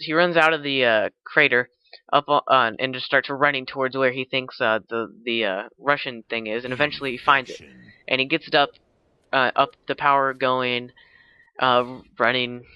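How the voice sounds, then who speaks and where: A man's voice: mid-range voice, bright, forceful tone, clear, resonant tone, no echo, dull audio. A man casually retelling a film plot, rambling with many fillers and self-corrections. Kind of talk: casual spoken plot summary.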